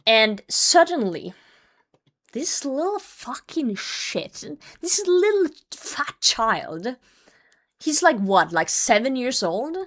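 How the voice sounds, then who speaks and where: Speaking at a slow pace, a young woman in her twenties-ish range of young adulthood chats casually with her stream audience through a meandering story. She curses openly, turns animated, and lets her thoughts fade into low mumbles.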